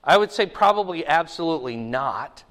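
A man with a fairly high voice delivers a teaching sermon in a casual, conversational way, regularly pausing to ask whether his listeners follow. His voice carries a long reverb from a large hall. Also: expressive, a bit bright. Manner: conversational, checks in with the congregation often. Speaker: pastor.

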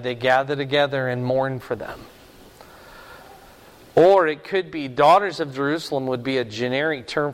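A man preaching a sermon in an earnest, emphatic way, slowing down to stress key words. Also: fairly high pitch, fairly bright tone. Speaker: pastor. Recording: reverberant hall.

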